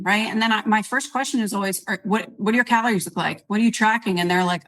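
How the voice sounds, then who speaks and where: A woman's voice: medium pitch, brisk, fairly bright tone, low-quality recording. A woman co-hosting a podcast, chatting casually and leaning on analogies. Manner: chatty, uses analogies, frequent agreement. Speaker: podcast co-host.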